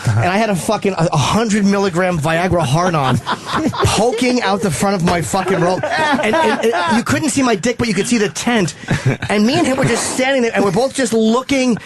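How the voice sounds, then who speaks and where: A high-pitched American man hosts a radio talk show. He tells crude stories in a loose, joking way. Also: lively intonation, moderate pace, a crowd in the background. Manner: crude, laughing storytelling. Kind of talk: casual talk radio storytelling.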